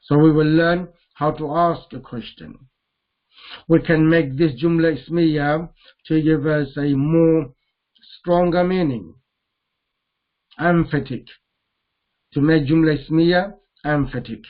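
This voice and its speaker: A man's voice: on the high side, fairly even intonation, slow pace, pauses often. A man teaching a grammar lesson, explaining patiently and repeating key points. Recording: tinny phone-like audio.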